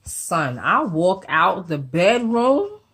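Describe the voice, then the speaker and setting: A woman with a low, husky voice tells a storytime on her vlog. She talks in an animated, slangy way and swears freely. She slips into the voices of the people in her story as she goes. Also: takes it slowly. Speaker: vlogger.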